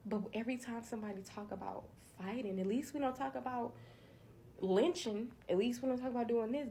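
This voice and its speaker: Earnest woman with a gravelly, dark voice. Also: on the high side, a little hiss or hum. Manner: earnest, conversational, preachy at times. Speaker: social media creator. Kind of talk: candid monologue to camera.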